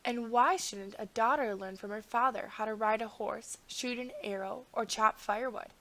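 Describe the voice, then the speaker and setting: A woman's voice: a little high, normal speed, heavy background noise, close to an everyday voice. A woman voicing a sleepy old king. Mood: solemn. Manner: grand, drowsy.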